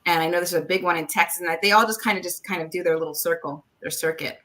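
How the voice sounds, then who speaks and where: A woman's voice: fairly low pitch, steady tone, fast talker, fairly bright tone. A woman in casual chat as a podcast guest, talking loosely with many fillers. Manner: chatty, filler-heavy with many um and like.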